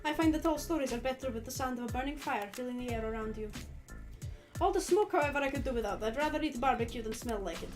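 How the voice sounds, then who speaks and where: A woman's voice: sits high, fast, faint music behind, natural voice. A woman voicing a coy, menacing female huntress killer in a put-on Russian accent for a game. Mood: teasing.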